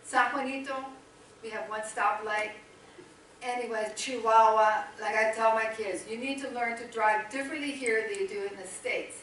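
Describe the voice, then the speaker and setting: A woman's voice: on the high side, moderate pace, a little hiss or hum. Chatty middle-aged woman in an echoey church. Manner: animated, chatty storytelling with quoted dialogue. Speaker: missionary guest speaker. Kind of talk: storytelling testimony in a church service. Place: church sanctuary. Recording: echoey church hall, voice from a distance.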